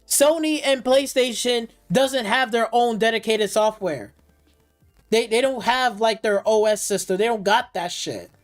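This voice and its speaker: Woman ranting hotly on a gaming stream. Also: on the high side. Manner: heated profane ranting; repeats and restarts phrases. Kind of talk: live stream gaming commentary.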